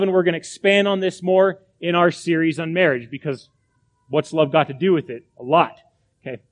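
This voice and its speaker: High-voiced male pastor preaching. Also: fairly even intonation, normal speed. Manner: emphatic preaching, repeats phrases, rhetorical questions. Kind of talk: sermon.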